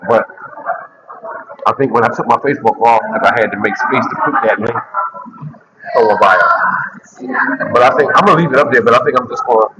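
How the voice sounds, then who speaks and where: A man's voice: mid-range voice, brisk, long pauses. A man chatting casually as a content creator, rambling loosely and repeating his words, outdoors on a city street through an earphone mic. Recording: dull lo-fi sound with loud street noise.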